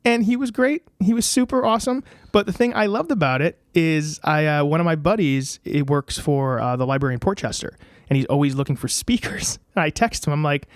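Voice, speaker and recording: A man with an American accent telling stories as a podcast guest in a casual interview, acting out other people's lines with lively pitch jumps. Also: fairly quick, no room sound, studio quality. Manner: animated, acts out quoted voices.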